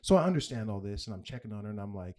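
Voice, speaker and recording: A young adult man, a guest comedian, tells a long personal story in a casual, candid, rambling way, leaning on "right?" and "like." His voice is lowish and dark in tone, with lively intonation and rapid-fire delivery.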